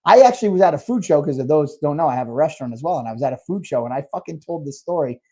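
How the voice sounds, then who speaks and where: A man's voice: fairly high pitch, lively intonation, very fast, darkish tone. A man telling a long story on a casual podcast, rambling and swearing a lot, full of fillers like "like.". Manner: rambling, heavy swearing, lots of "like". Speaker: podcast co-host; restaurant owner.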